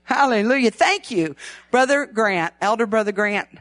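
An older woman delivers a church sermon as a guest preacher. Her tone is bright and clear. She talks in a folksy, lively way and rises in pitch when she drives a point home. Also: moderate pace, no room sound, faint music behind. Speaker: visiting preacher.

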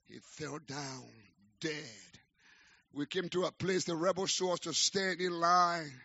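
A middle-aged man, preaching a sermon as a pastor and telling his story with rising, shouted exhortation. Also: on the high side, unhurried, no echo. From Liberia. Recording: dull, lo-fi sermon recording.

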